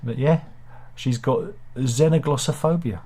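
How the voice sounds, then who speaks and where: A British man talks through the news in a loose, rambling way, breaking off into self-deprecating asides. His voice sits at an ordinary middle pitch for a man. He sounds like a casual chat host. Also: unhurried, dark tone.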